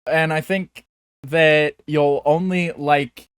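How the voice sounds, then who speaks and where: A rambling man co-hosting a casual podcast, his talk full of fillers, false starts and restarts. His voice sits somewhat high, and the recording is dry and close. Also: fairly even intonation, slow, clean tone, no echo. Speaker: podcast co-host. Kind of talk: casual chat.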